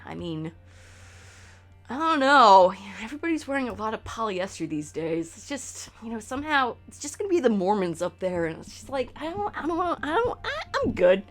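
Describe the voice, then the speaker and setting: Animated rambling woman streamer. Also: fairly high pitch. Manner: rambling, animated, swears freely. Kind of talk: casual chat with stream viewers. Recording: faint game music behind.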